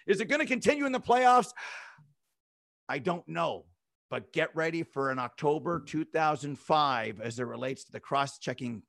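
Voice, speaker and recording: A man hosting a sports talk podcast, firing off rhetorical questions and answering them himself in quick, punchy bursts. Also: fairly high pitch, vocal fry, a bit bright, no echo, studio quality. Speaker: podcast host.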